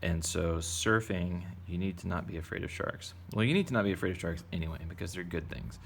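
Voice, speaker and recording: A man's voice: low-pitched, brisk, vocal fry, a little hiss or hum. A man casually teaching kids to draw, playful and chatty as he narrates each step. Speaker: art teacher. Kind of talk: casual drawing tutorial for kids.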